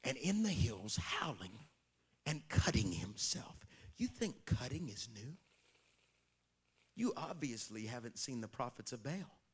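A man preaching a sermon, swinging from shouted lines to hushed whispers. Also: medium pitch, breathy edge.

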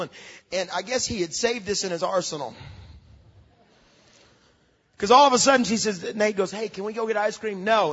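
A pastor preaching a sermon, moving from quiet storytelling to emphatic shouts. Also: male voice, high-pitched, slightly rough. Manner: emphatic preaching that swings from soft asides to shouts. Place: large church hall. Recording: dull lo-fi recording with long hall reverb.

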